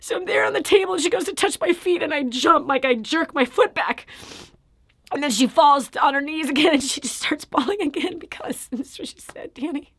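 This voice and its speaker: High-voiced woman preaching, loud then whispered. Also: animated, brisk, no room sound, clean studio sound. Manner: intense, swinging from loud exclamations to hushed whispers. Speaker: Christian speaker giving a healing testimony. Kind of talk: emotional preaching testimony.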